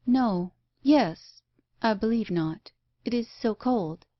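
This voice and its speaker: A woman's voice: on the high side, expressive, slow, dry recording, muffled recording, pitched above the performer's own voice. A woman reading as a pale, plaintive wife. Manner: plaintive and subdued. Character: pale, listless, melancholy young wife and mother.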